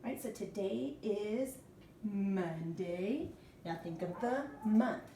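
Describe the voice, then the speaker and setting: A woman's voice: medium pitch, slow pace, dark tone, slight background noise. A woman teacher giving a morning lesson to young children, patient and spelling words out letter by letter. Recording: echoey room, mic at a distance.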